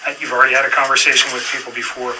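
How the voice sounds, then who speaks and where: Calm male detective, distant and noisy. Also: medium pitch, racing. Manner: calm, procedural, with frequent fillers. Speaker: police detective. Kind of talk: police interview questioning. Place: police interview room. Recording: distant room recording with clear noise.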